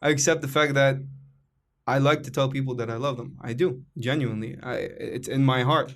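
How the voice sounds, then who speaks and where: Egyptian guy hosting a podcast, talks fast, emotional, keeps restarting his sentences. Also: medium pitch, fairly even intonation. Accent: Egyptian Arabic. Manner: emotional, rambling with restarts and laughs. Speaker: podcast host and comedian. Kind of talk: casual podcast conversation.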